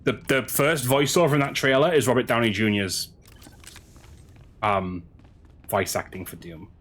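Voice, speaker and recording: A man streaming a game, chatting casually with his audience in a halting way, with frequent restarts. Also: medium pitch, steady tone, a bit bright. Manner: halting, chatty, many restarts, answering chat. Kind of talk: casual stream chat while gaming.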